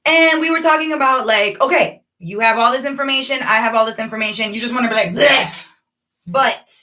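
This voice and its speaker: Lady rambling and preaching at her viewers, kinda high voice, sounds a little far from the mic. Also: fast. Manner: animated, rambling, preachy, calls the viewers "y'all". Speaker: vlogger. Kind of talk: casual spiritual monologue to viewers.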